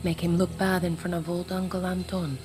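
A woman's voice: on the low side, flat delivery, fairly quick, lightly acted. A woman voicing a tough female guerrilla fighter in a video game, blunt and profane. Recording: game audio under loud music.

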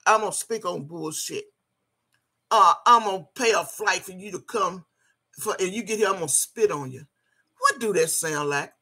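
A woman's voice: medium pitch, pushed and bright, husky. An older woman ranting on camera in heated, scolding commentary, cursing freely and repeating her phrases for emphasis. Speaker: video blogger.

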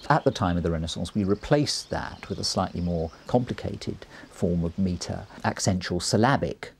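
A man who is a literary scholar, explaining poetic rhythm in a documentary interview with animated emphasis and recited examples. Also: sits low, moderate pace, creaky, slight background noise. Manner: animated, emphatic, quotes lines aloud.

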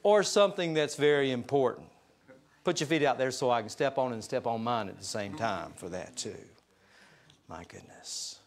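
A man's voice: mid-range voice, normal speed. A middle-aged man preaching to his congregation, folksy and full of joking asides. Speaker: pastor. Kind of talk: sermon. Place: church sanctuary.

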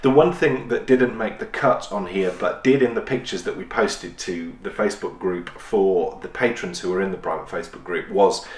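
A man's voice: low-pitched, normal speed, few pauses. A man co-hosting a podcast, trading dry, teasing banter in casual chat. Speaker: podcast co-host. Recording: roomy echo.

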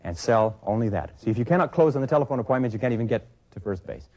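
Fast-talking middle-aged male sales trainer. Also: medium pitch, lively intonation, a little mellow, muffled recording. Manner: emphatic, repetitive coaching delivery acting out phone dialogues. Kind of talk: recorded sales training talk.

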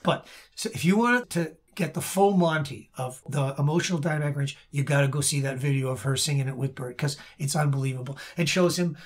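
A man's voice: fairly high pitch, a little fast. A male guest musician telling a story casually and animatedly, often stopping and restarting mid-sentence as he explains a song and demonstrates it. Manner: animated storyteller who acts out other people's lines.

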